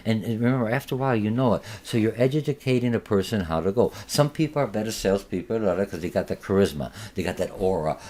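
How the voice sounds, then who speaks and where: A male marketing instructor with a fairly low voice, delivering a lecture. He rambles conversationally, stops and restarts often, and acts out little examples as he goes. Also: darkish tone. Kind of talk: recorded lecture.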